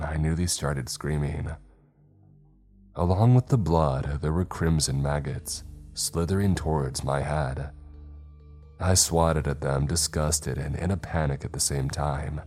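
A man reading a scripted first-person horror story in a tense, steady way. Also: a bass voice.

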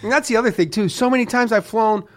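A man hosting a podcast, telling a profane comic story and loudly acting out the people in it. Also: sits high, quick pace. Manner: profane, acts out people in quotes, loud bursts of mock yelling.

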